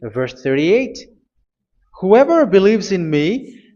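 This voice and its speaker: A man preaching a sermon, reading scripture aloud, halting and repeating phrases as he goes. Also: sits high, big pitch swings, warm tone, muffled recording.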